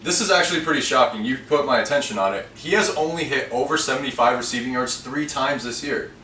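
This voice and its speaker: Guy breaking down betting numbers, bright tone, recorded from a bit away in a roomy space. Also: mid-range voice, quick pace. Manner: lays out stats and reasons plainly. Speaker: podcast co-host. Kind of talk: casual sports betting chat. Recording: echoey room, distant mic, faint hiss.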